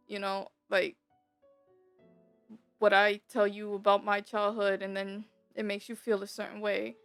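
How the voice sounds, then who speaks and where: A woman's voice: medium pitch, fairly bright tone, clear, resonant tone. A young woman gaming YouTuber talking candidly at home in a rambling, confiding way, full of fillers and restarts. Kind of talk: candid personal vlog talk.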